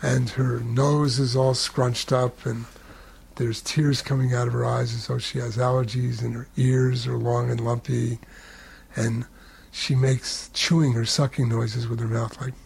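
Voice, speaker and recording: A man telling a spiritual story in a relaxed, conversational way, with humorous asides. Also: mid-range voice, unhurried, gravelly, husky.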